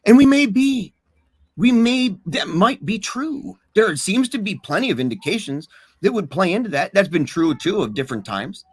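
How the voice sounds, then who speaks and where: Earnest, animated man podcaster. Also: high voice, moderate pace, slightly rough, no room sound. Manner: animated, earnest, laughs often, repeats words. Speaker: podcast co-host. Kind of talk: casual podcast conversation.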